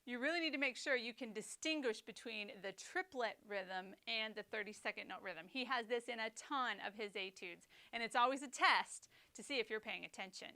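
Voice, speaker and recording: A woman with a bright, crisp voice, pitched a little high, teaching snare drum technique. She explains rhythms and phrasing step by step, clearly and methodically. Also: normal speed, hardly any pauses. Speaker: percussion teacher. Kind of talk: instructional lesson.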